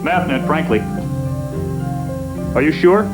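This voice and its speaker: Terse slow-spoken detective man on phone. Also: a little high, over loud music, rough recording. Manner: terse, quiet questions.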